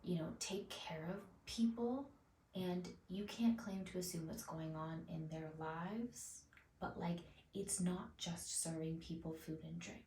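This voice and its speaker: A woman vlogging to camera in a soft, often half-whispered, emotional way, set back from a camera mic. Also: fairly low pitch, unhurried, far from the mic. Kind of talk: heartfelt vlog monologue. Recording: roomy sound from off the mic, faint noise.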